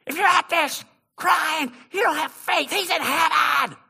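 A man's voice: extremely high pitch, unhurried, creaky, sharp tone, pitched above the performer's own voice, heavily acted. A man acting out a male preacher who screams and hollers, gasping for breath between words. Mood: screaming.

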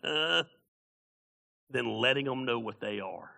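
A man preaching a sermon as pastor, animated, with shouted bursts and jokes. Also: medium pitch, takes it slowly, vocal fry.

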